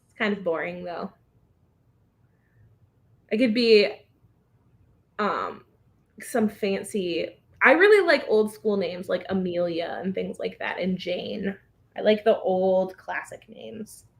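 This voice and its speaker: A woman's voice: medium pitch, animated, takes it slowly, gravelly, pauses often. A woman hosting a casual reading livestream over a video call, chatting and laughing often.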